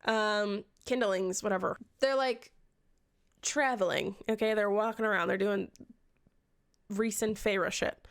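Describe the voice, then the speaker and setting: A woman's voice: mid-range voice, steady tone, unhurried, creaky, smooth. A young woman recapping a book in casual chat, sarcastic and swearing often, playing out the characters' lines herself. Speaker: book reviewer.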